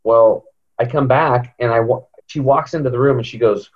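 A man guest on a podcast telling a personal story in an animated way, often jumping into higher voices when he quotes people. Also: moderate pace. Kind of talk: storytelling in an interview. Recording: dull lo-fi audio.

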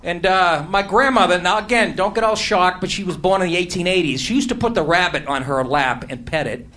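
A man's voice: sits high, brisk, pushed and bright. A man performing a stand-up routine on a comedy club stage, brash, profane and mocking. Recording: live club recording with noise. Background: audience laughter.

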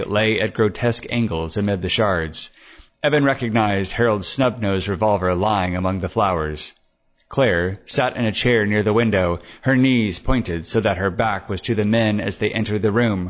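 Low-voiced male audiobook narrator. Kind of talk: scripted narration. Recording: dull lo-fi recording.

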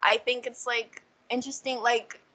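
A young woman chatting casually on a podcast, animated and full of fillers. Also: a little high, moderate pace, rough recording. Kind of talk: casual chat.

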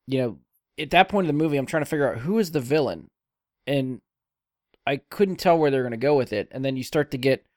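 A man's voice: medium pitch, a little fast, no room sound, clean studio sound. A man hosting a casual podcast chat about a film, enthusiastic and swearing casually as he talks. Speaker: podcast host.

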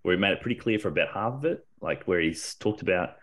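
A man co-hosting a podcast, talking in an excited, rambling way, restarting sentences and swearing casually. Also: low-pitched, quick pace. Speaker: podcast co-host. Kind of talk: casual wrestling discussion.

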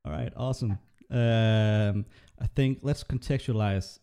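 A man hosting a relaxed panel chat, talking loosely with lots of ums and quick laughs. His voice is mellow and warm, run through a voice-changing program. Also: fairly low pitch, smooth. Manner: chatty, frequent fillers and laughs. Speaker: podcast host. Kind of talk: casual panel discussion.

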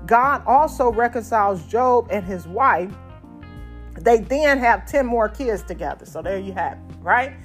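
A woman's voice: fairly high pitch, lively intonation, a little slow, faint music behind. A woman preaching a sermon in a conversational, folksy way, addressing the congregation directly.

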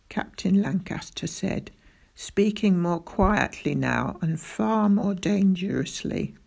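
A woman reading a children's story aloud in a measured, unhurried voice, as the boy who tells it. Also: mid-range voice, expressive, gravelly, a little mellow, breathy edge. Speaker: audiobook narrator. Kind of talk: scripted storybook narration as a boy.

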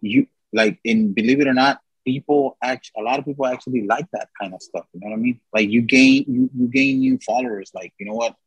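Husky-voiced podcast host, blunt and profane. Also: male voice, mid-range voice, steady tone, brisk, hardly any pauses, no echo, highs cut off. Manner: blunt and heavily profane, giving advice. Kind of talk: casual podcast chat.

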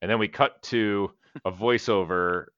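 A man's voice: on the low side, a little slow, fairly bright tone, dry recording, lo-fi sound. A man co-hosting a podcast, recapping a comedy film in a rambling, profane, casual way and laughing as he goes. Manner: rambling, profane, laughs while retelling scenes. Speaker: podcast co-host. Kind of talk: casual movie-review chat.

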